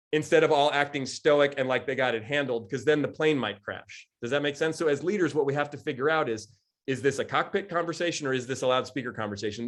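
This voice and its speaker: A man in his forties giving a lively coaching talk to a group, answering questions and acting out little quoted exchanges. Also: a little high. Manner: lively, acts out quoted voices, laughs often. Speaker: coach and speaker.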